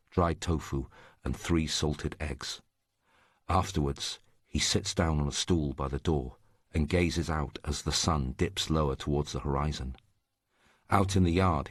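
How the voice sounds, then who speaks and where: A man reading a story aloud in a steady, scripted narration. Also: very deep voice, husky, dry recording, clean studio sound.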